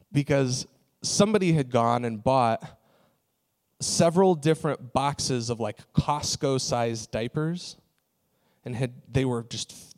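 A man preaching, telling a personal story in a relaxed, conversational way with frequent fillers. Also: mid-range voice. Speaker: pastor. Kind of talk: sermon story.

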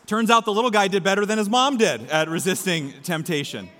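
A man's voice: high voice, brisk, fairly bright tone. Man preaching in an echoey church. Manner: emphatic preaching with repeated punch lines. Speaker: pastor. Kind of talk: sermon. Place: church sanctuary. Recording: echoey hall with long reverb.

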